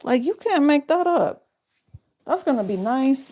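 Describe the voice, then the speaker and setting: A woman's voice: high-pitched, big pitch swings, unhurried, warm tone. A woman giving a casual tarot reading straight to her viewers in a chatty, slangy way. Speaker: tarot reader.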